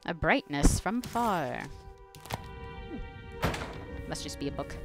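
A woman's voice: deep voice, very animated, slow pace, music in the background. A young woman playing a horror game and joking as she talks to herself and her viewers. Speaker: game streamer. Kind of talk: casual gameplay commentary.

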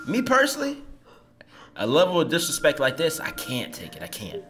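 A man hosting a comedic reaction video, talking in an animated, slangy way. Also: a little high, fairly quick, over music.

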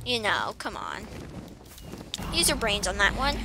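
A woman's voice: on the high side, very animated, slow, pushed and bright, a little hiss or hum. A woman rambling through casual gameplay commentary, giggling and making playful beeping sound effects. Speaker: gamer commentating her play. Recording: faint game music behind.

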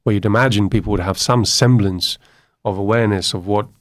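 A man from Poland, a radio guest telling stories in an animated way and tagging his points with "yeah?", recorded in a studio. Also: lowish voice, fairly quick. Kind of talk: radio interview conversation.

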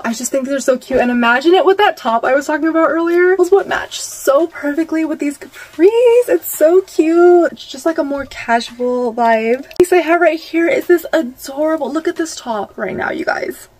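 Young woman, high voice, gushing vlogger energy, soft music under her. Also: moderate pace, hardly any pauses. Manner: bubbly and gushing, many fillers and squeals. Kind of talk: casual haul vlog.

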